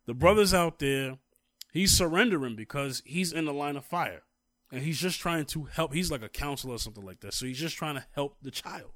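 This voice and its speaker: A man's voice: on the high side, lively intonation, fairly quick, fairly bright tone, dry recording. A man co-hosting a casual talk, recounting a story at length and growing emphatic as he goes. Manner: storytelling, grows heated and emphatic. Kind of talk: casual conversation.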